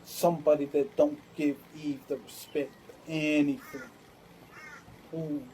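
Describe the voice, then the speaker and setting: A woman's voice: low voice, flat delivery, measured pace, dark tone, slight background noise, poor audio. A woman talking in a rambling, repetitive monologue full of street slang and chant-like repeats.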